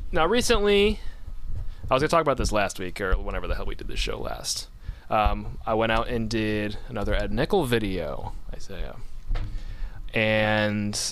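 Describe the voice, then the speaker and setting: A man's voice: fairly low pitch, fairly bright tone, clear, resonant tone. A man hosting a podcast, chatting casually and telling rambling stories with frequent self-corrections. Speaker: podcast host. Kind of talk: casual chat.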